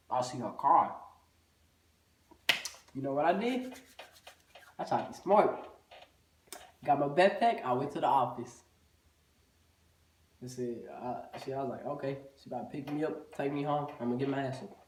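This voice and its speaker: A man's voice: mid-range voice, lively intonation, normal speed, long pauses, a little hiss or hum. A man telling a casual storytime, loose and profane, with "bro" in almost every sentence. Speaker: vlogger. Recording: echoey room, voice far from the mic.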